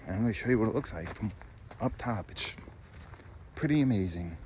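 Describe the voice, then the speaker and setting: A man's voice: lowish voice, expressive, brisk, a little mellow, a little hiss or hum. A man vlogging a walk outdoors, chatty and enthusiastic as he narrates what he sees. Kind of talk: walking tour vlog. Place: outdoors on a nature trail and lookout tower.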